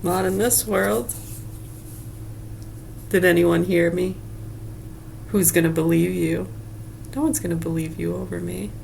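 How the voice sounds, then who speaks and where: Gravelly-voiced woman ranting profanely. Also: fairly low pitch, steady tone, measured pace, long pauses, a little mellow, a little hiss or hum. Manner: profane, sarcastic, heated. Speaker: vlogger. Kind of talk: casual ranting monologue.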